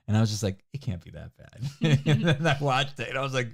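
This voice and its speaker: A man's voice: mid-range voice, big pitch swings, brisk, few pauses. A man co-hosting a casual livestream, opinionated and ranting with frequent laughs. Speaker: livestream co-host.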